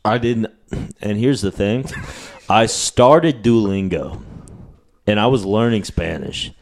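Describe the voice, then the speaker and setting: A man hosting a podcast, joking in a deadpan way and swearing casually. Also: fairly low pitch, takes it slowly. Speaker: podcast host.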